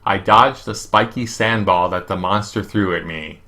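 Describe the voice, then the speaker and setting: A man reading a children's novel aloud in first person, with a lively, emphatic delivery. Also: deep voice, normal speed. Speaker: audiobook reader. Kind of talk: first-person storybook narration.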